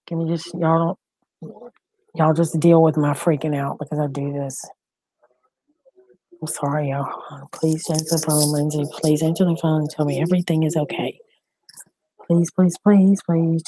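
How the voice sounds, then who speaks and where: A woman's voice: low voice, flat delivery, moderate pace, dark tone, rough recording. A middle-aged woman hosting a casual live-stream chat from home, talking in an anxious, rambling way and repeating herself. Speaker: host.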